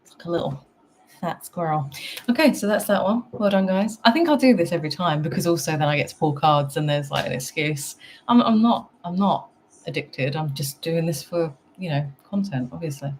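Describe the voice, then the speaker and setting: A woman's voice: low voice, lively intonation, a little fast, darkish tone, a little hiss or hum. A woman with a British accent chatting casually on a live stream, answering her chat and laughing at herself. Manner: chatty, self-deprecating, reads chat aloud.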